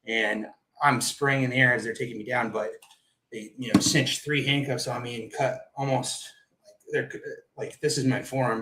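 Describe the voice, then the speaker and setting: A man, an Air Force veteran, telling his story as a podcast guest in an animated, vivid way. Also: mid-range voice, moderate pace, a little hiss or hum, poor audio. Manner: vivid, animated retelling with acted-out quotes. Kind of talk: personal storytelling in a podcast interview.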